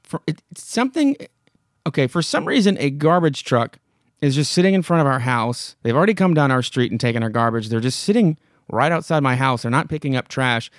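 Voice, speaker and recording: A man's voice: mid-range voice, lively intonation, fairly quick, no echo, clean studio sound. A man hosting a podcast, casually retelling a horror comic with loose fillers from his home mic. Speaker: podcast host.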